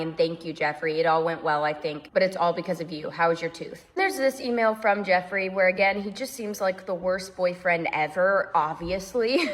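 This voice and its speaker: A woman's voice: lowish voice, fairly bright tone, long reverb tail. A woman commentating and reading emails aloud, incredulous.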